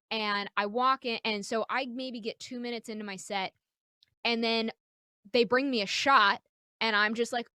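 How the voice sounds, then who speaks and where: Woman comic from New York, high bright voice, animated storyteller. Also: moderate pace, clear, resonant tone, no echo. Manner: animated, acts out the people in her stories. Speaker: comedian, guest. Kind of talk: casual chat, comic storytelling.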